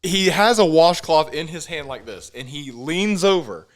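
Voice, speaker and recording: A man's voice: on the high side, lively intonation, moderate pace. A man co-hosting a podcast, telling a story from nursing school in casual chat. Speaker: podcast co-host.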